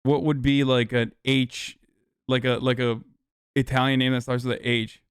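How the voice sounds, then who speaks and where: A man's voice: medium pitch, level tone, moderate pace, smooth, no room sound, clean studio sound. A man hosting a livestream, chatting casually with viewers in a loose, rambling way and swearing freely. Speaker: livestream host.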